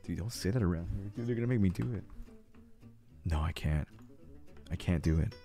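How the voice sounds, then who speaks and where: A young man streaming a game live, talking casually, swearing often and cheering loudly at the screen. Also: low-pitched, brisk, soft background music. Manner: hyped and jittery, swears a lot, cheers loudly. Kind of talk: casual live-stream chat while gaming.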